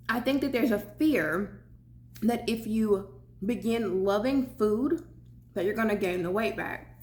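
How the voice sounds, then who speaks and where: A woman's voice: mid-range voice, roomy sound. A young woman with a Southern US accent, chatting casually while eating and talking with her mouth full in her home kitchen. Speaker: vlogger.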